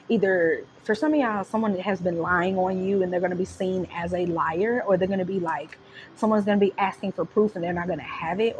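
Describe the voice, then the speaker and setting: A woman giving a casual tarot reading, talking in an animated, slangy and profane way, with home background noise. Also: on the low side. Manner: animated, slangy and profane, breaks into laughs and sung lines. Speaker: tarot reader.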